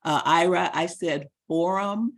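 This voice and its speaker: A meeting host with a Midwestern accent running an online meeting, friendly and quick to laugh. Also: medium pitch, steady tone, creaky, a bit bright. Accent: Midwestern American. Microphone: video call.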